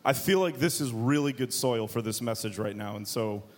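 A man's voice: mid-range voice, normal speed. A man in his thirties preaching a sermon to a congregation, telling a family story in a joking, conversational way. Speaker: pastor.

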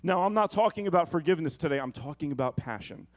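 Lively, joking male preacher. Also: a little high, fast. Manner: conversational preaching with comic asides and acted-out quotes. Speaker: pastor. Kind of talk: sermon.

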